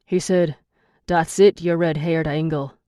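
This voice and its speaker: A woman voicing a helpful, quietly amused young man with a lilting, wry way of speaking. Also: deep voice, steady tone, measured pace, dry recording, studio quality.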